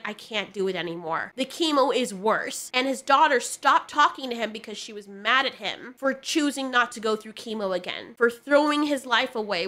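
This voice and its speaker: A woman's voice: high-pitched, bright, forceful tone. A young woman talking in an earnest, impassioned and rambling way, giving casual commentary and telling a story from her life. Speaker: video reviewer.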